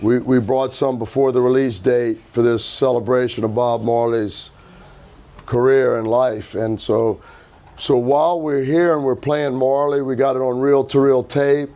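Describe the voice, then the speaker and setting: Mellow-voiced man spinning a lively yarn. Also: mid-range voice, a little slow. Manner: animated anecdote teller, acts out quotes, swears casually. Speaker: record label founder, guest. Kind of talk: casual storytelling interview. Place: hi-fi salon event, indoors.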